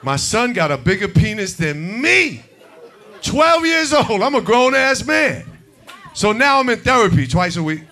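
A man's voice: sits high, unhurried, some chatter behind. A man hosting a comedy show, doing brash stand-up and talking to the audience from a stage mic. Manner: brash, animated, talks to the audience. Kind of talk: stand-up comedy and crowd work.

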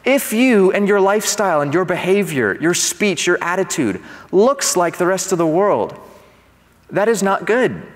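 A male pastor preaching an expository sermon, animated and asking the congregation to respond. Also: high-pitched, moderate pace, big-room sound. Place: church sanctuary.

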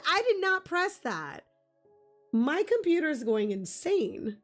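A woman's voice: high-pitched, sing-song, a little slow. A woman streaming a video game live, gushing and giggling as she chats with her viewers. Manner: bubbly, gushing and giggly, talking to chat. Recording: faint music behind.

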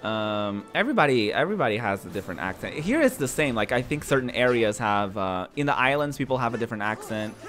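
Male streamer, rambling chat, mid-pitched, faint music behind. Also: very animated, fast, few pauses, a bit bright. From northern Portugal. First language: Portuguese. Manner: chatty, rambling, repeats his words. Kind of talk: casual chat while gaming.

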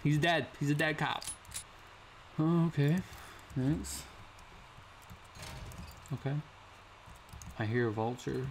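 A man's voice: fairly high pitch, slow pace, long pauses, a little hiss or hum. A young man casually commenting on a survival game, slangy and prone to sudden startled yelps. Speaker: gaming channel host. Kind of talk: gameplay commentary.

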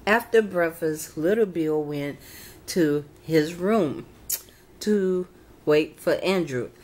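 A young woman reading a children's storybook aloud, halting and fixing her slips as she goes. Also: sits low, a little mellow. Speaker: channel host reading to reborn dolls.

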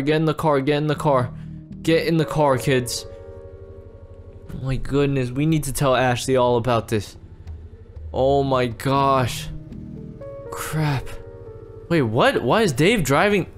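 A man's voice: fairly high pitch, a little slow, long pauses, soft background music. A man acting out a game role-play as a frantic father, pleading and repeating himself. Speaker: role-play creator and lead player.

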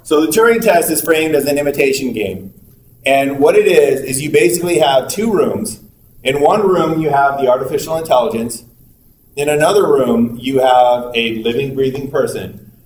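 A man's voice: mid-range voice, a little mellow. A male university lecturer giving a conversational classroom lecture, acting out little dialogues as examples. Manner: conversational, acts out little dialogues with quick asides. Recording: echoey room, picked up from a distance with faint noise.

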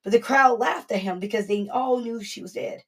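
A woman's voice: on the high side, moderate pace. A woman preaching a conversational sermon in an informal, earnest manner, acting out the voices she quotes as she goes. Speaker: prophetess preaching.

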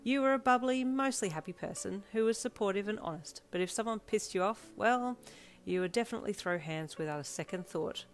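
A woman reading a second-person fanfiction story aloud in an expressive narrating voice. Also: medium pitch, fairly quick. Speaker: fanfiction reader. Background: soft backing music.

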